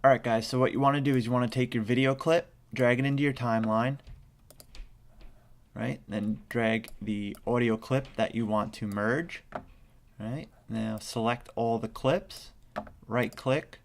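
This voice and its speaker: A man of middle pitch gives a laid-back, step-by-step editing walkthrough. He speaks informally, repeating little check-ins as he clicks through each step. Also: measured pace, a little hiss or hum. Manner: casual, repeats "right?" and "what you wanna do". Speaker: video tutorial host. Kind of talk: casual screen-recorded tutorial.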